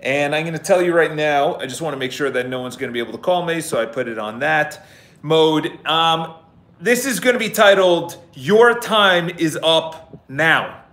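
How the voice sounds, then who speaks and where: A man's voice: on the high side, a little fast, a bit bright. A man talking bluntly to camera in a casual motivational vlog, swearing freely and repeating phrases for emphasis, alone in an empty office. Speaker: real estate agency founder. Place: empty office near a busy city square. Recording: echoey office room.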